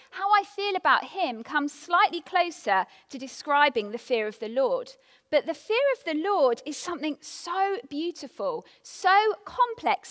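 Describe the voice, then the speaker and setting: A woman delivers a devotional talk, reading scripture and then telling a story from her own life with lively emphasis. Her voice sits high and bright and swoops widely in pitch. It carries a long hall reverb. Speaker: devotional speaker.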